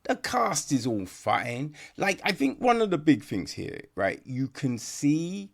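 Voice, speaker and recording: A man's voice: a little high, sing-song, takes it slowly, creaky. A man giving a casual, rambling film review on a podcast, blunt and swearing, tagging his points with "right?". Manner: rambling, blunt, swears, many tag questions.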